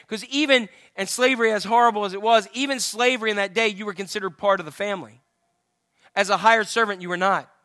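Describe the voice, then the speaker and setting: A middle-aged man preaching a sermon, telling the story with lively acted-out voices and humor. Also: high voice, brisk, dry recording, clean studio sound. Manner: animated storytelling, acts out the father's voice. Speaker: pastor.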